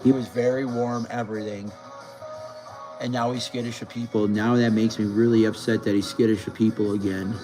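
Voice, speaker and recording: A man's voice: fairly low pitch, level tone, brisk, dark tone, low-quality recording. A man talking casually to camera in a rambling way, stumbling, repeating words and swearing as he goes. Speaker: vlogger. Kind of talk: casual vlog talk. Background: faint music.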